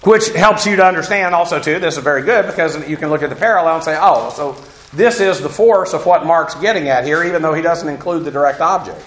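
A man's voice: fairly high pitch, fast talker, fairly bright tone, echoey room. A man teaching through a Bible passage verse by verse, folksy and digressive, with asides and chuckles.

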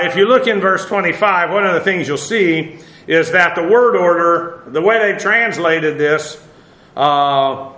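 A man teaching a verse-by-verse Hebrew word study of a Bible passage, talking methodically, spelling out terms letter by letter, with frequent filler pauses. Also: a little high, pushed and bright, reverberant.

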